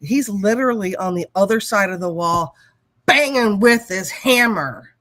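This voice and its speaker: A woman co-hosting a casual talk show and telling a story in a blunt, animated way, swearing freely. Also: mid-range voice, moderate pace, dry recording. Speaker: talk show co-host, hypnotherapist.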